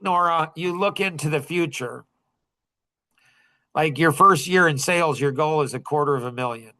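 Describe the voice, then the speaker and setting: Excitement sends his voice climbing high as this man, the host of an easygoing group chat, recounts animated tales at a moderate pace.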